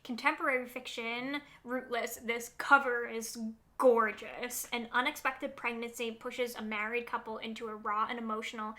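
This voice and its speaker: A young woman chatting casually in a book vlog, gushing and excitable, full of "like" and "oh my God". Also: a little high, moderate pace. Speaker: book vlogger.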